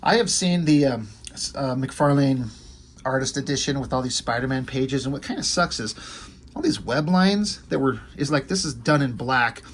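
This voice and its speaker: A man's voice: mid-range voice, lively intonation, moderate pace, slight background noise. A man casually talking through a comic book page by page, rambling and enthusiastic with offhand asides. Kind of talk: casual video commentary.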